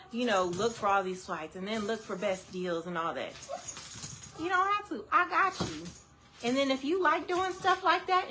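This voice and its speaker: A woman with a voice on the high side chats animatedly on a live stream, addressing viewers directly and laughing often, with slight background noise. She's an independent travel agent, talking casually indoors under a ring light.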